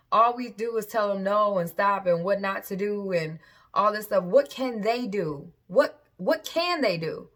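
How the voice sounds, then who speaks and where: A woman's voice: medium pitch, a bit bright. A woman vlogger and parent talking casually to camera, candid and frank, often stopping to backtrack and restart.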